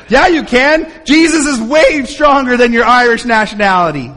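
A man's voice: very high-pitched, lively intonation, moderate pace, bright, forceful tone, long reverb tail. A man preaching a sermon as pastor, earnest, with rising and falling emphasis. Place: church sanctuary.

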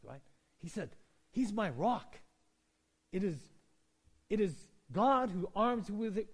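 Animated high-voiced preacher man. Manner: preaching with big swings from hushed to shouted; asks the congregation for agreement. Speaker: pastor. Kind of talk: sermon.

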